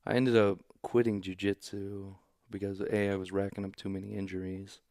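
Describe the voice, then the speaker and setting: A young man from St. Louis, a comedian guest telling stories in a relaxed, rambling way with lots of fillers. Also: sits low, moderate pace, dry recording, studio quality. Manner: laid-back, rambling storyteller, many fillers. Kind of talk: casual podcast chat.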